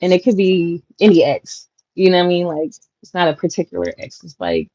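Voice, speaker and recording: A woman's voice: on the low side, very animated, fairly quick, dark tone, dry recording. Chatty woman hosting a home livestream. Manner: chatty, laughs often, talks to viewers directly. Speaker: livestream host. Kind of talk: casual live chat reading comments. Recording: dull lo-fi livestream audio, dry.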